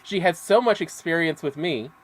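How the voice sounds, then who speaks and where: A woman with a Mississippi Southern accent speaks with a very low voice for a woman. She co-hosts a casual livestream, chiming in quietly with short, relaxed remarks. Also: moderate pace, rough recording. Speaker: podcast co-host.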